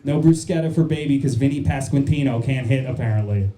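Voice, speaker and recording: A man's voice: mid-range voice, fast talker, dark tone, reverberant. A man from New Jersey doing a stand-up set in a comedy club, crude and self-mocking, riffing with the crowd.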